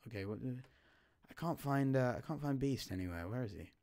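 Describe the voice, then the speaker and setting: A man giving live gameplay commentary, chatting to his teammate and swinging from quiet mutters to sudden startled yelps. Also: mid-range voice, lively intonation, fairly quick. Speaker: gaming YouTuber.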